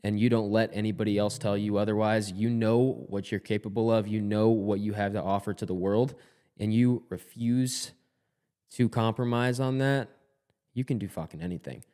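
Male podcast co-host, lower pitch, blunt and driven, casual talk with cursing. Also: fairly even intonation, moderate pace, warm tone. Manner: fired-up, blunt, swears freely. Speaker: podcast co-host, former player and college coach.

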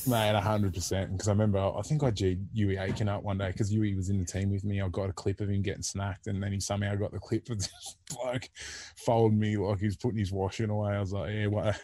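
A man's voice: fairly low pitch, little pitch movement, fast, warm tone, slight background noise. A man in his thirties with an Australian accent, a former rugby league player chatting laid-back on a podcast, full of fillers and casual swearing. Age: 30s. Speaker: retired rugby league player, interview guest.

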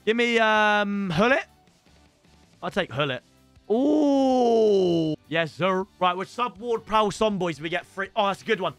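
A young man talks through a football video game on his stream, his voice high and bright. He swings from chatty to loud bursts of hype and frustration. The sound is dry and close, with faint music behind him. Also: a little slow, dry recording. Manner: excitable, shouts and swings between hype and frustration. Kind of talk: gaming stream commentary.

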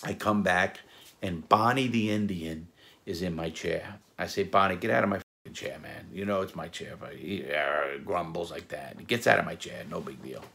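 A man's voice: low voice, normal speed, gravelly, fairly bright tone. A man casually telling prison stories from his own past, blunt and profane, acting out the quoted dialogue. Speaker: former jewel thief telling prison stories. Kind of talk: casual storytelling.

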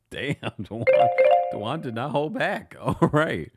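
A man hosting a live call-in stream, easygoing and quick to laugh as he brings callers on. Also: mid-range voice, very animated, loud music behind the voice. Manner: easygoing, laughs often, brief back-channel replies. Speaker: live show host.

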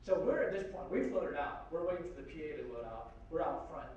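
A man speaking as a guest at a university forum, telling an anecdote in a lively way and acting out the voices of the people in it, with many "like"s and "you know"s. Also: high-pitched, quick pace, few pauses, muffled recording, a crowd in the background. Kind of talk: animated anecdote storytelling. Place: university lecture hall. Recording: very echoey hall from far off, faint noise.

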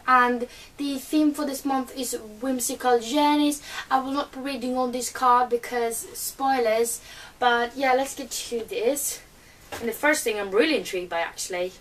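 A woman's voice: fairly high pitch, fairly bright tone, recorded from a distance, slight background noise, poor audio. A woman with a cold, chatting eagerly as she unboxes items at home for her channel. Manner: chatty and eager, many fillers. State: has a cold. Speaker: book vlogger. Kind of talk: casual unboxing chat.

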